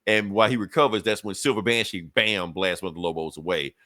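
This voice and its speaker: A man on a podcast excitedly recapping a comic book, swearing and acting out the characters' lines in a casual chat. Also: sits low, fast, dry recording, clean studio sound. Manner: animated storyteller acting out quoted lines, profane. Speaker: podcast co-host.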